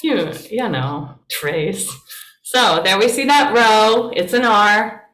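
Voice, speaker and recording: A woman's voice: mid-range voice, takes it slowly, a bit bright. A woman pastor teaching a casual class, chatty and encouraging, with plenty of fillers. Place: church meeting room. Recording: roomy echo.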